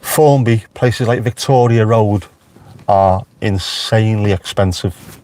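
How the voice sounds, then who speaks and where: Speaking slowly in a warm, lowish voice, this Merseyside man with a Liverpool accent holds a casual live stream from his car. He's chatty and wry, throwing asides to his viewers and responding to their chat.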